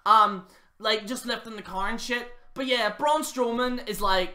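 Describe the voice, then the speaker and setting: On his own channel, a man gives a rambling, mocking review of a wrestling show, swearing freely in a casual rant. His high voice is pushed and bright, and he speaks unhurriedly.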